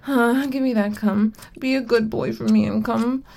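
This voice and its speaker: A woman playing a possessive, teasing older-sister figure in an adult audio role-play, speaking in a commanding, breathy manner. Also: on the high side, steady tone, normal speed, a little mellow, slight background noise.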